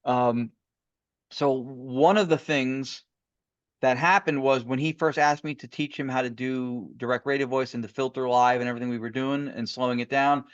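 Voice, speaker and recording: Man, podcast guest, mid-pitch, eager rambling storyteller, muffled lo-fi sound. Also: steady tone, normal speed, clear, resonant tone, dry recording. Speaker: guest paranormal investigator. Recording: muffled lo-fi audio.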